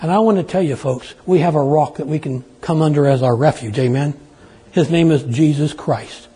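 A man's voice: fairly high pitch, moderate pace, dark tone, breathy edge. A middle-aged man preaching a sermon, telling a rambling family story in a folksy way and then leading an earnest prayer. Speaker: pastor.

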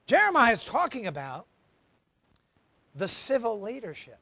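A man preaching a sermon as pastor, emphatic, swinging between loud emphasis and quiet asides. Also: very high-pitched, big pitch swings, normal speed, no echo. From United States.

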